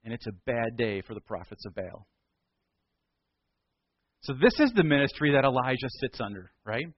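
A man's voice: medium pitch, lively intonation, moderate pace, no room sound, muffled recording. A male pastor retelling a Bible story in a casual, conversational sermon.

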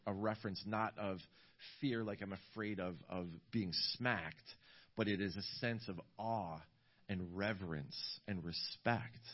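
A man preaching a sermon as a pastor, talking conversationally with many restarts and growing animated when he tells a story. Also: lowish voice, dull audio. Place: church service in a community center.

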